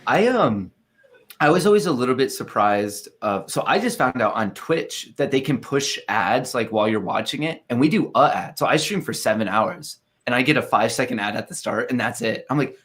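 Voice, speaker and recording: A man chatting in a relaxed way on a podcast, with some hesitation. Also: medium pitch, fairly quick. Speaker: podcast panelist. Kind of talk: casual podcast chat.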